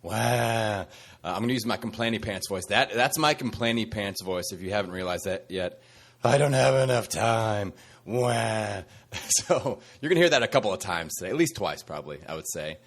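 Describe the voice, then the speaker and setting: A man's voice: lowish voice, expressive, quick pace, fairly bright tone. A man hosting a motivational fitness podcast, coaching listeners in an upbeat, teasing and sassy way.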